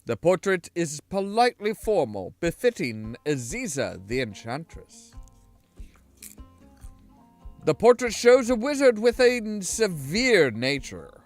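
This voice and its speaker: Chatty man reading game text, animated pitch. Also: a little slow, hardly any pauses, faint music behind. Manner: chatty, with asides and restarts. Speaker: game streamer.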